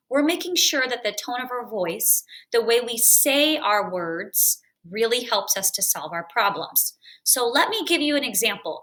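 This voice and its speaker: A woman school counselor, speaking in a gentle, clear teaching voice in a lesson video for students. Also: a little high.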